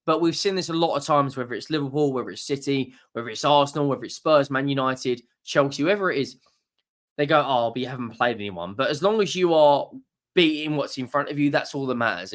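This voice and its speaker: A man's voice: mid-range voice, a bit bright. A young man hosting a football channel, giving a casual, enthusiastic match reaction and often repeating words and restarting phrases.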